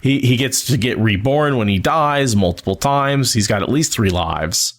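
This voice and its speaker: A man's voice: mid-range voice, expressive, moderate pace. A young adult man co-hosting a casual book podcast, joking around with goofy sung sounds and mock voices. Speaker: podcast co-host. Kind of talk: casual book discussion chat.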